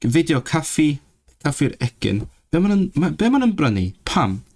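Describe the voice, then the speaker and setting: A man's voice: fairly high pitch, sing-song, moderate pace, a little mellow. Chatty young man streaming his studies. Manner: chatty, restarts words often, reads course text aloud. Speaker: streamer studying a language. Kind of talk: casual livestream chat.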